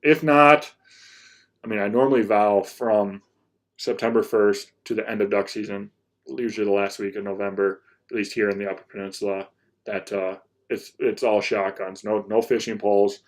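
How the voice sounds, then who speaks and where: A man's voice: fairly low pitch, steady tone, normal speed. A young man from Michigan who hosts a hunting vlog, talking casually to his viewers and rambling, restarting and repeating words as he goes. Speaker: hunting vlogger.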